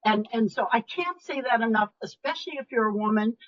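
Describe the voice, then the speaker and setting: Animated older woman coach, lo-fi webinar sound. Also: fairly high pitch, brisk. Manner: animated, emphatic, varies loudness, drops to whispers. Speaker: speaker and leadership coach. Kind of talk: live webinar talk. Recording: dull lo-fi webinar audio.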